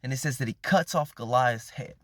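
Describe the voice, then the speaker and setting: A man's voice: mid-range voice, a little fast, no echo. A man giving a casual, slangy sermon, retelling a Bible story and acting out the characters' lines. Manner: conversational, slangy, acts out quoted characters. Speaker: preacher.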